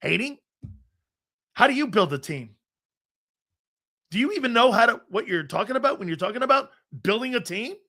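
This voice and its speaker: A brash man hosting sports talk radio, with a high voice for a man and a bright, forceful edge. He rants bluntly and combatively at his callers and swears without a second thought. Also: very animated, brisk.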